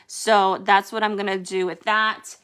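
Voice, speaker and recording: Bright-voiced woman chatting through a tutorial. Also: medium pitch, level tone, unhurried, slight background noise. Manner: chatty, rambling with many fillers. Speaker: nail care tutorial vlogger. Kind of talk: casual how-to demonstration.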